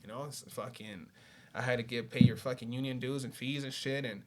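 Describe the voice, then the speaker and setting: A man's voice: medium pitch, steady tone, fairly quick, noisy background. Laid-back cursing man. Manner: laid-back, swears freely, keeps saying "you know". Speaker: podcast guest. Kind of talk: casual storytelling.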